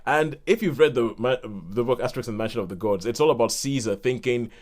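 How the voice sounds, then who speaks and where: A man's voice: mid-range voice, fast talker. Laughing, chatty man from Nigeria. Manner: lively, chatty, laughs often. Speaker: podcast co-host. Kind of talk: casual chat about films.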